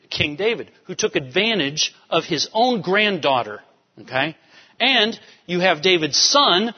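Man, high pitch, pastor delivering an emphatic sermon, dull recording in a large church hall. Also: husky. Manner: emphatic preaching, rising to urgent peaks. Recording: dull sound with long hall reverb.

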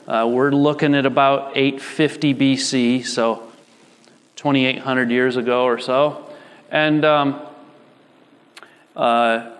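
A male pastor giving a sermon, reading scripture with expression and then explaining it in a loose, halting, conversational way. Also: medium pitch, a bit bright, in a large hall.

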